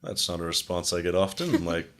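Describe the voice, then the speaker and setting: Low-voiced young man rambling casually. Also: fast, a bit bright. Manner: rambling, frequent "like" fillers, acts out quoted exchanges. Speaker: podcast host. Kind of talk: casual conversation.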